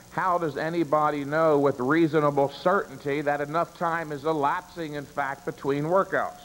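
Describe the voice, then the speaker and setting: Lecturing live in a seminar room before an audience, this man has a voice on the high side and leans hard on key words, posing rhetorical questions and then answering them himself. The recording carries a long, reverberant echo and slight background noise.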